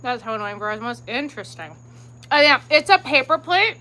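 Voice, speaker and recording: A woman's voice: sits high, animated, brisk, sharp tone, low-quality recording. A woman hosting a crafting livestream, chatting casually and ranting in exasperation, sometimes muttering under her breath. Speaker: crochet livestream host.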